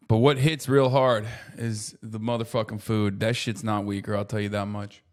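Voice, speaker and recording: An American man in his thirties doing casual livestream commentary, talking to his chat with profane, animated rants. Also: fairly low pitch, normal speed. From United States. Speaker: streamer reacting to chat.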